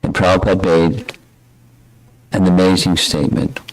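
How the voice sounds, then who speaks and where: An older man giving a scripture class as a spiritual teacher, telling stories in a reflective, unhurried way. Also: sits low, flat delivery, slight background noise, low-quality recording.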